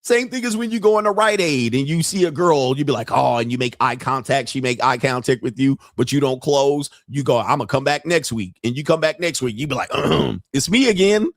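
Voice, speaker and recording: A man's voice: mid-range voice, brisk, hardly any pauses, dry recording, studio quality. A man hosting a show, telling profane stories in casual commentary and mimicking other people's voices as he goes. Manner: animated storytelling, mimics voices. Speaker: podcast host.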